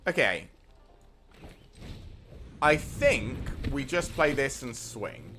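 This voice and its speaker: A man's voice: mid-range voice, very animated, very slow, sharp tone, faint music behind. A British man in his thirties, a streamer chatting to viewers while playing a card game. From Britain. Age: 30s. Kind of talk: casual gameplay commentary.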